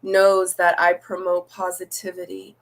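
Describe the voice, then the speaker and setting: A woman's voice: fairly low pitch, completely flat delivery, unhurried. A woman hosting an interview, speaking in a supportive, affirming, earnest way. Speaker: host. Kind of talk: interview chat.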